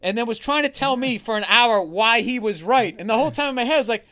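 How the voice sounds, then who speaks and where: Comedian guest, high bright voice, animated, profane podcast banter. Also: male voice, fast talker. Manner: animated storytelling, swears often. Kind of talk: casual podcast chat.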